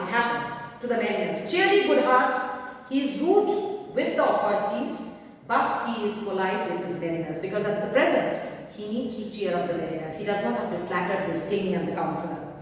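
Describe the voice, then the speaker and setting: A woman teacher, explaining a play line by line to her class, paraphrasing and checking in with "okay?". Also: fairly high pitch. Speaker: literature teacher. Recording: echoey hall, distant mic, faint hiss.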